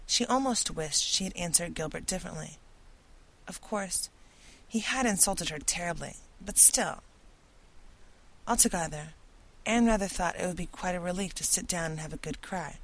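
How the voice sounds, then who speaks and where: A woman reading a classic novel aloud in steady, clear storytelling narration. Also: on the low side, normal speed, rough recording. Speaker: audiobook narrator. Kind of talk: scripted narration.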